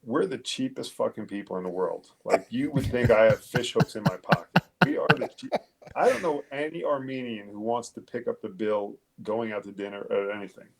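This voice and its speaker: A middle-aged man from Long Island, New York, a detective recounting what happened to him. He talks with a low, gravelly voice that falls into fry. He stops and restarts often and swears freely. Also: animated, background noise. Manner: halting, profane, with many fillers and restarts. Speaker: guest, police detective. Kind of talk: casual interview storytelling.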